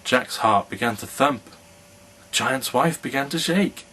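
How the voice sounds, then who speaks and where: A man reading a fairy tale aloud in a slow, measured storytelling manner. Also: medium pitch, bright, forceful tone, a little hiss or hum, rough recording.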